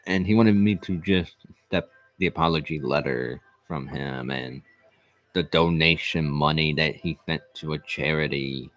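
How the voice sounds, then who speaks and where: Deep-voiced man earnestly telling a personal story. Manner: earnest, repetitive, halting restarts. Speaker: vlog host.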